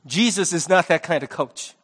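A male pastor giving a sermon in a conversational, lively manner with sports talk. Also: fairly high pitch, normal speed, breathy edge.

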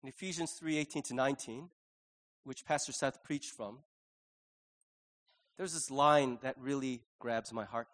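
A male pastor preaching a sermon in an earnest way, dropping to a hush and then rising loud. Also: medium pitch, measured pace, long pauses. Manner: earnest, swings from hushed to loud.

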